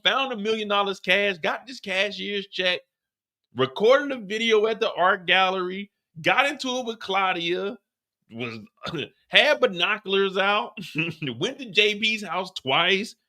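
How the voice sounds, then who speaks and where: A man hosting a live after-show, recapping a TV episode with animated, profane storytelling. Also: high-pitched. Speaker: host.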